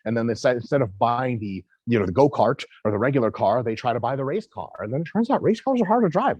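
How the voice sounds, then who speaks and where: Brief: male guest coach, blunt and emphatic, husky, dry recording. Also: mid-range voice, animated, fast, darkish tone, no room sound, lo-fi sound. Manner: emphatic, blunt, swears freely. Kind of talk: casual interview talk.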